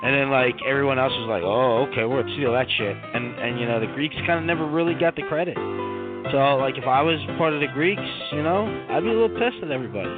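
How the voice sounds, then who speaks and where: A young man co-hosting a podcast, telling crude stories in an animated, swearing manner over a tinny line. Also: mid-range voice, fast talker. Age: young adult. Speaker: podcast co-host. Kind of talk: casual chat. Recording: tinny phone-like line with music.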